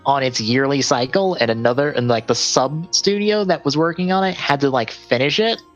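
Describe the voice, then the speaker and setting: Male podcast co-host, mid-pitch, loose rambling delivery, faint music bed. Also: a little fast, lo-fi sound. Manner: rambling, self-correcting, laughs often. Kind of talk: casual chat and reading release lists.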